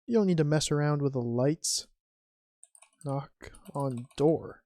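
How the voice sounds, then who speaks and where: An unhurried streamer talks through an old adventure game, reading each typed command and the game's replies aloud in a wry, musing way. The voice sits close and dry, with no room around it, and keyboard clicks come through now and then. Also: medium pitch, mellow, no room sound. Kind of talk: casual gameplay commentary, reading game text aloud.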